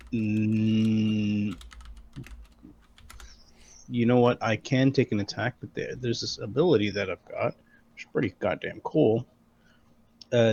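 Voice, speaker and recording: Low-voiced hesitant gamer man. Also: dull audio. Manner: hesitant, thinking aloud. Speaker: player. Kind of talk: casual tabletop game play.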